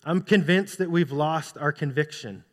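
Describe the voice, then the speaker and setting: A man's voice: a little high, normal speed. A man preaching a sermon as pastor, earnestly putting rhetorical questions to his congregation. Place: church sanctuary. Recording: long reverb of a large hall.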